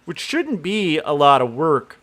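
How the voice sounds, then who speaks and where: A man's voice: a little high, very animated, unhurried, a bit bright. A middle-aged man from Southern California chatting casually on a livestream, rambling with lots of fillers and laughing at himself. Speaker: comic artist streamer.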